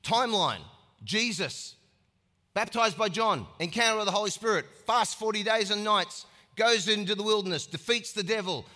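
A man preaching a sermon as pastor, emphatic and animated, acting out little scenes. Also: high voice. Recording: echoey hall.

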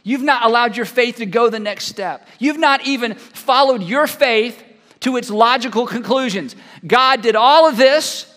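A man preaching an animated sermon as pastor, acting out both sides of imagined conversations. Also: extremely high pitch, measured pace, in a large hall. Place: large church hall.

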